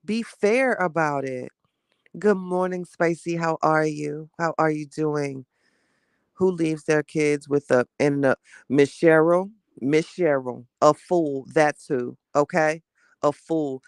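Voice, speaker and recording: A woman hosting a casual morning livestream, chatting with her viewers and reading their messages. She gets heated and animated fast and laughs between her rants. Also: deep voice, clean tone, no room sound, studio quality. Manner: chatty, talks straight to the audience.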